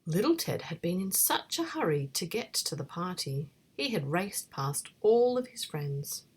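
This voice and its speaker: A woman reading a bedtime story in a soft, breathy whisper. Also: lowish voice, very animated, measured pace.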